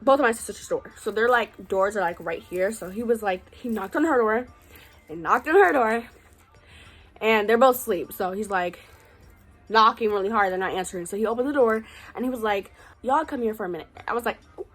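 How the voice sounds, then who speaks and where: A young woman in her late teens recounts a personal story to her camera, slightly high-pitched and animated. She talks casually, leaning on "like" and acting out what people said. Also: fairly quick, faint music behind. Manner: chatty, animated, lots of "like". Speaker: vlogger.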